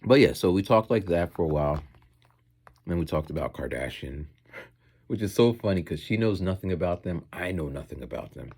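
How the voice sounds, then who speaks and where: A man's voice: sits low, animated, normal speed, darkish tone, breathy edge. A man who teaches in Japan, chatting casually in a rambling vlog while eating, going off on tangents and acting out voices.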